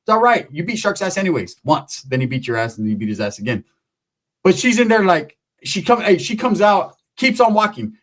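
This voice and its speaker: Guy telling a wild story, swears a lot, rambles, voice a bit on the high side. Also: breathy edge. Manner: profane, rambling, acts out other people's voices. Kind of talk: casual storytelling monologue.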